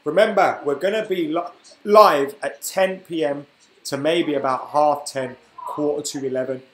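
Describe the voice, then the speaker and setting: A man's voice: on the high side, fairly even intonation, moderate pace, roomy sound, poor audio. A young man hosting a football live stream, chatting casually and reading out viewer comments while he has the hiccups. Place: room at home.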